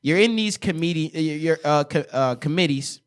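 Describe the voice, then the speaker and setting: A man's voice: on the high side, normal speed. A man hosting a podcast interview, speaking in an encouraging, preacherly way. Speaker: podcast host.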